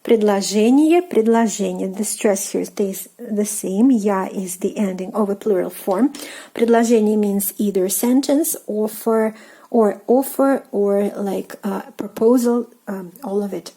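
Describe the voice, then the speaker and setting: A woman with a Russian accent gives an online language lesson in a mellow, relaxed voice. She explains off the cuff with plenty of fillers and repeats each word slowly for practice. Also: medium pitch. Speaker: language teacher.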